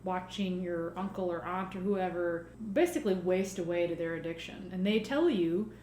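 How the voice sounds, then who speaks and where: A woman's voice: on the low side, normal speed, darkish tone. Blunt emphatic lady on a podcast, roomy echo, faint hiss. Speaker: podcast co-host. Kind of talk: casual chat.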